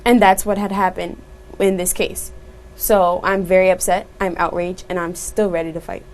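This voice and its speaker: A woman's voice: on the low side, flat delivery, normal speed, rough recording. A young woman, an activist guest on a talk show, speaking earnestly and firmly with many fillers. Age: young adult.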